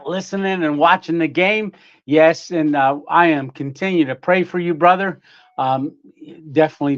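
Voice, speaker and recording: A man's voice: high-pitched, a bit bright, lo-fi sound. A man hosting a casual home livestream, greeting viewers by name with lots of fillers and little laughs. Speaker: livestream host. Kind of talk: casual live-stream chat. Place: home room.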